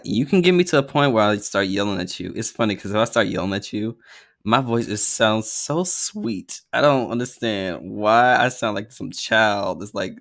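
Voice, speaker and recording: A man's voice: lowish voice, creaky, fairly bright tone. A man co-hosting a podcast in casual chat, frank and joking. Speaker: podcast co-host.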